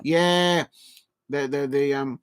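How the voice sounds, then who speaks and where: Slow and smooth, with a steady tone on the high side, a South London man runs a live football watchalong. He talks casually, reads out comments from viewers, and rambles, often using fillers and restarting.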